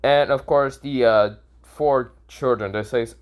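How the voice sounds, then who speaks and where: A man's voice: medium pitch, takes it slowly, smooth. A young man improvising a fan story, rambling and correcting himself, swearing casually.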